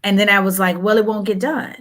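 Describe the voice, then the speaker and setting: A woman in her thirties talks openly, stacking short repeated phrases to drive a point home. Her voice leaps high and loud whenever she quotes someone. She sounds unhurried and personal. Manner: animated, repeats phrases for emphasis, jumps high when quoting. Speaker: guest. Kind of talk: candid conversational storytelling.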